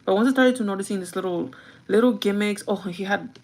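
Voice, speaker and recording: A woman's voice: medium pitch, brisk, a little mellow. A young woman rambles through a personal story for her vlog. She talks casually, drops in plenty of fillers, and slips between languages mid-sentence. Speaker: vlogger. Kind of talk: casual chat.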